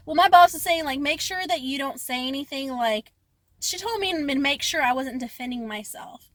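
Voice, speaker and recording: A woman's voice: sits high, expressive, fairly quick, fairly bright tone, no echo. A young woman telling a story to the camera in a chatty, emotional way, full of "like" fillers. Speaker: vlogger. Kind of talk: casual storytime vlog.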